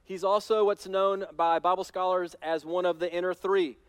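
High-voiced man preaching a lively sermon. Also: normal speed, clear, resonant tone, no room sound. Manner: conversational, animated storytelling with humor. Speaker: pastor.

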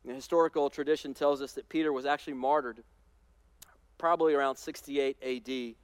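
A man pastor preaching a sermon in a conversational, animated storytelling way with touches of humor. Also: mid-range voice, brisk, clean tone, dry recording.

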